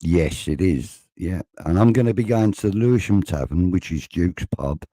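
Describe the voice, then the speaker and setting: A man's voice: deep voice, animated, normal speed, dark tone, no room sound. A man hosting a casual live-stream chat, rambling and reading out viewer comments. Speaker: host. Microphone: video call.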